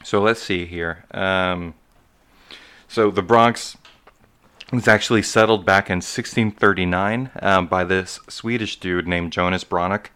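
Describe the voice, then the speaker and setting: A man with a deep, smooth, resonant voice chats casually as a co-host. He rambles through notes with lots of ums. His talk stays loose and conversational. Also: steady tone, measured pace, sharp tone. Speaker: podcast co-host. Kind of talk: casual chat.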